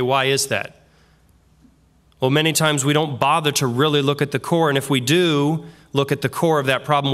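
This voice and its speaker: A male pastor preaching a sermon with a voice pitched a little above the usual for a man. He talks earnestly and conversationally, bringing in vivid everyday examples to make his points. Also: a bit bright. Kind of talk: expository sermon.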